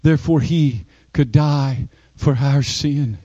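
A man preaching a sermon, emphatic, with dramatic pauses and sweeping rises in pitch. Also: dark tone, no echo, muffled recording.

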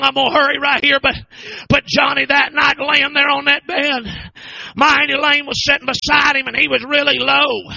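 A man preaching a fervent sermon in a church, telling a story and often shouting. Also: very high-pitched, little pitch movement, moderate pace, gravelly, no echo, low-quality recording.

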